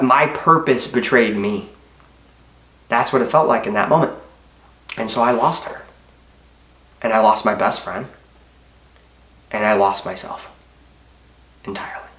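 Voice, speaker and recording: A man's voice: on the low side, fairly bright tone, roomy sound. A man in his twenties telling a painful personal story in an earnest, emotional, confessional way, with hesitations. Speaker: motivational speaker. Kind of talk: personal story told to camera.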